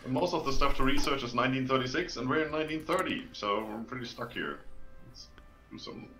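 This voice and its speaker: A man's voice: mid-range voice, expressive, fast talker, sharp tone. A man co-hosting a strategy game livestream, reacting and exclaiming at what happens on screen. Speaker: co-host of a gaming stream. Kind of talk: casual gaming livestream chat. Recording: game music clearly audible behind.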